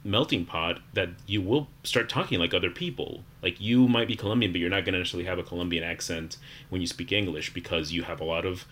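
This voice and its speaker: A man from Florida chats and reminisces as co-host of a casual podcast. His voice sits very low, yet it has a bright, forward edge. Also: quick pace, husky. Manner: reminiscing, chatty.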